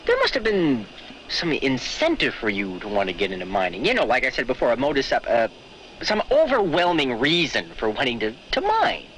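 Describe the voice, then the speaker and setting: An actor playing an earnest male writer who questions a miner for his book, eager and halting, restarting his questions. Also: mid-range voice, wildly swooping pitch, a bit bright. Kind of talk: film dialogue. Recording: noisy old film soundtrack.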